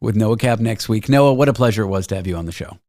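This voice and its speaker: A man's voice: fairly low pitch, fast, mellow, no room sound, studio quality. A man hosting a talk show, joking and teasing his guests in a casual interview.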